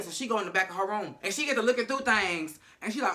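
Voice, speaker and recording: A sassy man recaps a show in a casual vlog, dramatic and freely profane. His voice sits somewhat high and rings very bright and forward. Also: animated, fast talker.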